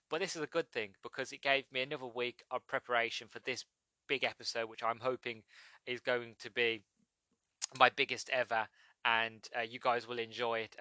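A man's voice: medium pitch, pushed and bright, dry recording. A man from the UK hosting a solo podcast in casual chat, rambling and correcting himself as he goes. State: recovering from a cold. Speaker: podcast host.

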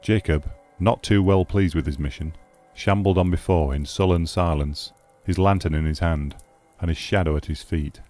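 Brief: male audiobook narrator, low dark tone, dry close sound, faint music under. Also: normal speed, hardly any pauses. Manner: steady, grave storytelling. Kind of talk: scripted narration.

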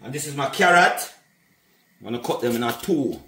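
A man's voice: medium pitch, lively intonation, a little fast, pushed and bright, echoey room, a little hiss or hum. A man with a Jamaican accent chatting casually to his viewers as he cooks and shows his food. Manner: chatty, keeps calling viewers "my people". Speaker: cooking vlogger. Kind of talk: casual cooking vlog.

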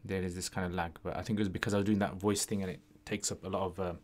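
A man's voice: deep voice, flat delivery, racing. A man hosting a casual livestream Q&A, chatty and often tagging his sentences with "yeah?". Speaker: livestream host answering questions.

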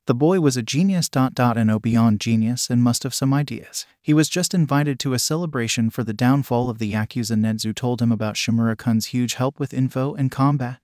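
A man's synthetic voice reading fan fiction as scripted narration, in an even, flat delivery. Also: medium pitch, brisk, few pauses, no echo, studio quality.

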